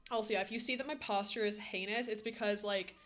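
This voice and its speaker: A woman's voice: mid-range voice, fairly even intonation, quick pace, fairly bright tone, soft background music. A young woman streaming from home, casually chatting and answering her chat with playful slang. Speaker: game streamer. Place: home room. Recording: roomy echo.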